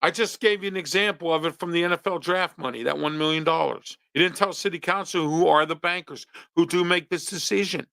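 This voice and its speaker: Gravelly ranting man host. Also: a little high, a little fast, hardly any pauses, bright, forceful tone, no echo. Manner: ranting, rhetorical questions, emphatic. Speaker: host of a local opinion talk show. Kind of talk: opinionated monologue.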